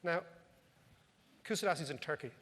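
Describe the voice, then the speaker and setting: A high-voiced Irish man spins wry, anecdotal stories for a live audience at a club. His talk rings with a long reverb from the hall. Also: moderate pace, a bit bright, a little hiss or hum. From Ireland. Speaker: economic commentator, speaker. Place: club function room.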